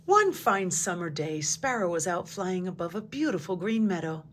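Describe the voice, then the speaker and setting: A woman reading a children's picture book aloud, gentle and clear. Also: fairly low pitch, sing-song, moderate pace, a little hiss or hum. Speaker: storybook reader. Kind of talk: children's story read-aloud.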